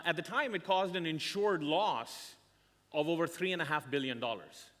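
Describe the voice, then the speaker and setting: A man giving a motivational conference talk as a career coach, telling stories dramatically with emphatic pauses. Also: on the high side, pushed and bright. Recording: reverberant hall.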